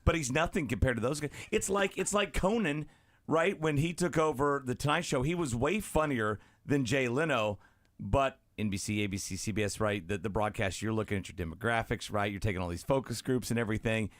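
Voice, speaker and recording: A male co-host on sports radio talks in a relaxed, opinionated way. His voice sits at a middle pitch in a dry studio sound, with no room echo. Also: brisk. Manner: relaxed, opinionated, reasons things through. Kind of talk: casual sports talk.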